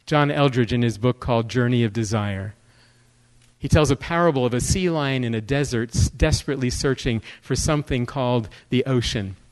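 A man preaching as a guest speaker, swinging between hushed moments and urgent pleas. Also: mid-range voice, rough recording. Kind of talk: sermon.

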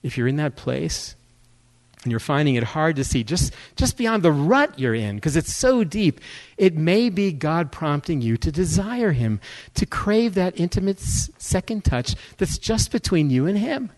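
A man delivering a sermon as a guest preacher with an impassioned, dramatic delivery. He drops low and quiet, then presses in with urgency. His voice sits a bit high for a man. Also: big pitch swings, a little slow, low-quality recording. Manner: impassioned, dramatic swings between hushed and urgent.

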